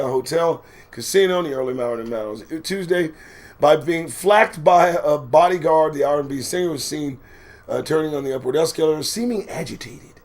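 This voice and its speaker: A man's voice: fairly high pitch, normal speed. A man hosting a live commentary stream, riffing casually with sarcastic, profane asides while reading out news items. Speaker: show host.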